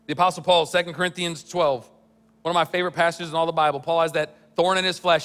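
A man's voice: fairly high pitch, steady tone, fast, fairly bright tone, big-room sound. A man pastor preaching a sermon in a church, talking in a conversational way with wry asides.

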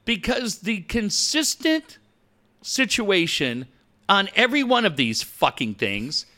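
A boisterous, profane man co-hosting a sports podcast, his voice swinging widely in pitch. It has a bright, forceful edge. He rants in casual, animated talk. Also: slow pace.

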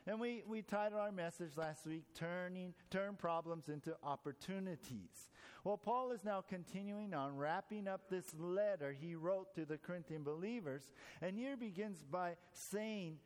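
A man, a pastor, praying earnestly and then preaching a sermon, warm and lively in how he tells it. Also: sits high, normal speed, in a large hall. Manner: earnest, repeats "Lord" through prayer; animated storytelling with voiced quotes. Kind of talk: sermon with opening prayer.

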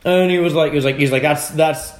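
A man's voice: fairly high pitch, racing, reverberant. A man hosting a podcast, telling stories in casual chat, rambling and swearing a lot. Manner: rambling, profane storytelling. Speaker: podcast host.

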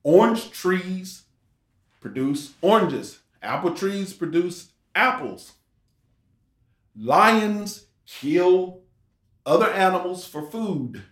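A man's voice: high voice, very animated, extremely slow, a bit bright. A man giving an informal sermon, talking through scripture in a rambling, conversational way with rhetorical questions. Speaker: preacher. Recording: roomy echo.

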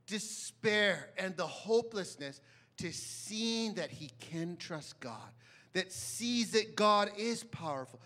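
A man preaching a sermon with dramatic swings between loud emphasis and hushed asides, often asking his listeners questions. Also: high-pitched. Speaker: pastor.

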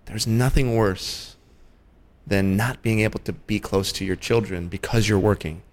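Deep-voiced man, reflective and empathetic. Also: unhurried. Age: adult father. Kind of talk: casual reflective conversation.

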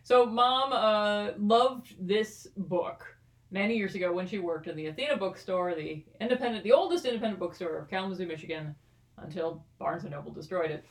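A woman's voice: mid-range voice, a little fast, far from the mic. Woman podcast co-host, jokey and playful; echoey room, sits back from the mic. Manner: playful, jokey, laughs often. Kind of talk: casual chat.

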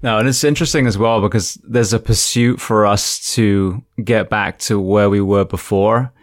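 A man hosting a podcast interview, talking in an earnest, measured and reflective way. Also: fairly low pitch, steady tone. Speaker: podcast host. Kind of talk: casual interview conversation.

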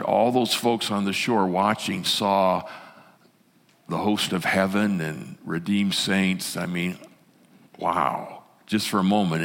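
A male pastor with a fairly low voice delivers an animated sermon, swinging between loud and hushed, in a church hall with lots of reverb.

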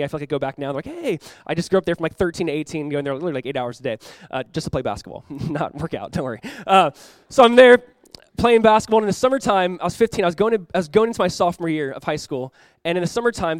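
A young man from Southern California preaches, his voice sitting high and his words coming quickly. He tells his story in an animated way and acts out the people he quotes. The sound is dry and close. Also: no echo. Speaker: pastor. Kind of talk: sermon.

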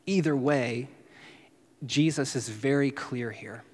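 A man preaching a sermon, teaching in a lively way and dropping to a hushed voice for quotes. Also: medium pitch, slow, big-room sound. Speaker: pastor.

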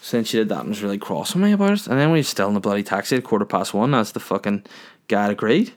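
A man's voice: lowish voice, big pitch swings, very fast. A young man, telling a crude, rambling comic story in a loose monologue.

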